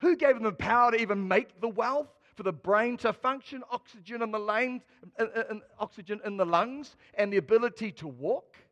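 High-voiced man preaching in a church. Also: fairly quick, few pauses, big-room sound, highs cut off. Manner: expressive preaching, swinging between quiet and loud. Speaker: pastor. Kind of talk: sermon.

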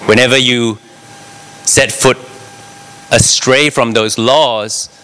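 A man's voice: mid-range voice, slow pace, smooth. A man preaching a sermon, reading scripture and explaining it, often asking the congregation "right?". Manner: animated, talks to the congregation with frequent "right?".

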